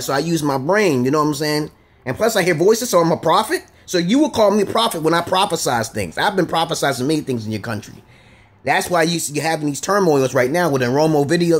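A man from the United States delivers a rambling, confrontational monologue straight to his audience, swearing freely. His voice sits high for a man and has a husky, rough edge. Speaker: vlogger. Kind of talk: ranting monologue to camera.

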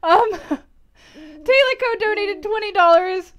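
A woman's voice: very high-pitched, slow pace, fairly bright tone. A woman livestreaming, giggling and gushing as she thanks viewers and reads out long lists of names.

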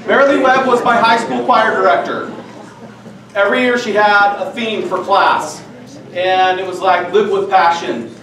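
A man's voice: high voice, fairly even intonation, moderate pace, a crowd in the background. Earnest man speaking in an echoey room. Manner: earnest and candid, with personal stories. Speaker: presenter at a teacher training session. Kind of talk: professional development talk to teachers. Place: school meeting room. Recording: echoey room from far off, faint noise.

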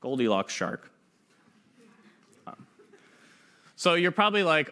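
A man's voice: medium pitch, very animated, slow pace, long pauses, pushed and bright, a little hiss or hum. A young man giving an informal classroom lecture, chatty and fond of playful analogies, often checking in with "right?". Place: lecture room.

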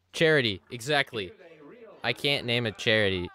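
A man streaming a game live, rambling excitedly to chat, swearing often and making fun of himself. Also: mid-range voice, moderate pace, faint music behind. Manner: sudden yelps at the game. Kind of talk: casual live-stream chatter.

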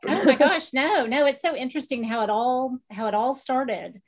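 A woman's voice: high voice, normal speed. A woman moderating a book panel on a video call, enthusiastic and affirming as she hands over to the next speaker.

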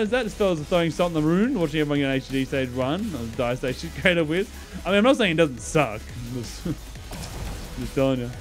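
A man chats with his live-stream audience while playing, teasing them with mock outrage and breaking into laughter. His voice sits a little high for a man, and soft music plays faintly beneath it. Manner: joking, sarcastic banter with chat, laughs often. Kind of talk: casual live-stream gaming chat.

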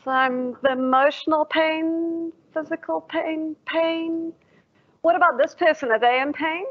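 In an unhurried, somewhat high voice, a woman professor from South Africa delivers a formal public lecture. Reflective in manner, she asks the audience questions, all heard through dull, lo-fi stream audio.

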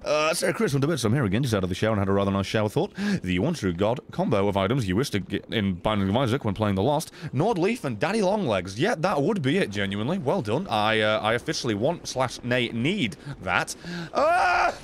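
A young man streaming live gameplay, swearing constantly, thanking donors and breaking into loud shouts. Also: mid-range voice, big pitch swings, quick pace, slight background noise. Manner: thanks chat donors between fights.

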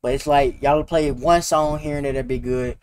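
A young man streaming a game, chatting fast and slangy with his viewers and teasing players. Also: medium pitch, fairly even intonation, a little mellow, slight background noise. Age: young adult. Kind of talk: casual gaming livestream chat.

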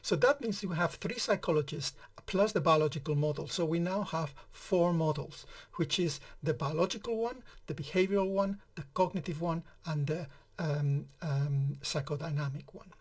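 A middle-aged man gives a recorded lecture on psychiatry in a conversational style, using everyday examples and often restarting his sentences. His voice is a little high, at normal speed.

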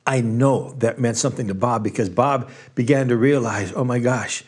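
Husky-voiced man, earnest and emotional. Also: medium pitch, normal speed, a little mellow. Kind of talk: casual testimony.

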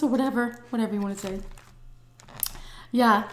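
A woman's voice: on the low side, fairly even intonation, brisk, gravelly, reverberant. A middle-aged woman vlogger telling a personal story in a casual, blunt and profane way. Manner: blunt and profane, vivid retelling. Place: indoors at home, eating on camera.

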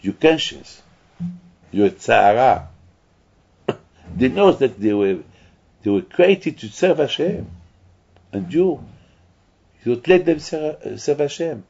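A rabbi preaches emphatically. He circles back and repeats himself often. His voice is gravelly and husky, and it comes through a dull, lo-fi recording. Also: mid-range voice, big pitch swings, slow pace, pauses often, a little mellow. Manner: emphatic, repetitive preaching with restarts. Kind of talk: sermon.

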